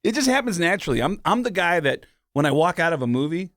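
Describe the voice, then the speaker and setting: A man's voice: a little high, sing-song, fast, a bit bright, dry recording, clean studio sound. A middle-aged man, a comedian and impressionist, telling stories in a loose, casual way with plenty of fillers. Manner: loose storytelling with frequent fillers and laughs. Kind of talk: casual interview chat.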